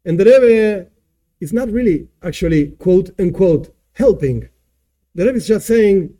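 Slow, very dark-voiced male teacher. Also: high voice. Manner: slow, translates phrase by phrase with small restarts. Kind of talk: explaining a song line by line.

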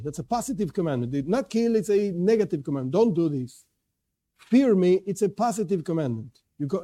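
Male lecturer, religious class, earnest and emphatic, voice pitched somewhat high. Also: mellow. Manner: earnest, stresses key words, repeats and restarts. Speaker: Torah teacher.

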